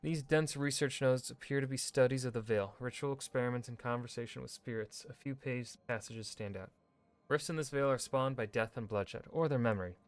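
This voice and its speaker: A man streaming a video game, reading in-game lore texts aloud in a measured, steady way with brief asides. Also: medium pitch. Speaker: gaming streamer.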